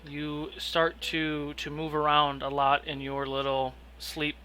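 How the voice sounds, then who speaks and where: Bright-voiced man narrating as game master. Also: a little high, slow pace, clean tone, faint music behind, poor audio. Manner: relaxed, loose narration with fillers.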